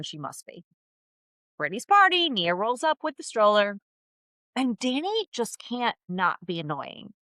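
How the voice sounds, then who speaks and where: Woman co-host, casual gossip podcast, bright, crisp and dry, blunt and opinionated. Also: mid-range voice, normal speed, no echo. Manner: blunt, opinionated, animated storytelling.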